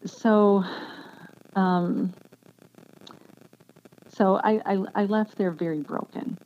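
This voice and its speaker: A woman giving an earnest, emotional personal testimony as an interview guest, speaking haltingly with many restarts. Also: medium pitch, fairly even intonation. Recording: dull lo-fi sound with faint background noise.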